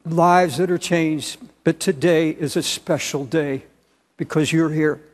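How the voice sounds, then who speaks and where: An older man preaches in a large church auditorium, his slightly high voice carried on a long hall reverb. He speaks earnestly, stumbling and restarting at times, then pressing hard on his key words. It is a heartfelt sermon rather than a polished performance. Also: steady tone. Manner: earnest, halting with restarts, rising to loud emphasis. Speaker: pastor.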